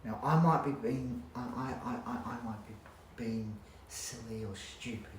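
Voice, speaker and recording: A man ranting casually to camera at home, rambling with halting restarts and blunt swearing. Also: medium pitch. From Australia. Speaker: vlogger. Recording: roomy echo, faint background hum.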